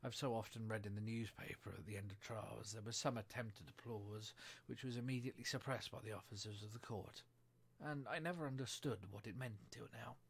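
A man voicing a young girl in a storybook reading, speaking slowly and earnestly at a raised pitch. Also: fairly even intonation, gravelly, husky. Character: young girl, meek then bold.

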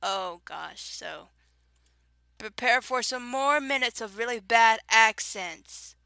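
Young adult woman, Southern US accent, casual giggly vlogger; unhurried delivery, forceful tone. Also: fairly high pitch, expressive, gravelly, no echo. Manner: giggly, self-mocking, chatty with filler. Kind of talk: casual word-list challenge.

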